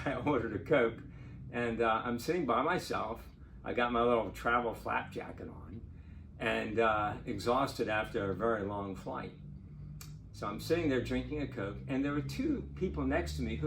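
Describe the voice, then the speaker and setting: An older man, a lawyer, telling a true personal story in a chatty, animated way and laughing now and then. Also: medium pitch, a little hiss or hum. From Portsmouth, Virginia. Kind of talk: casual spoken storytelling.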